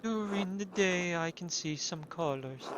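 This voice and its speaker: A man voicing a calm, observant blind nun who speaks slowly and carefully in a game playthrough. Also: high-pitched, background noise, voice pushed up. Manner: slow, measured.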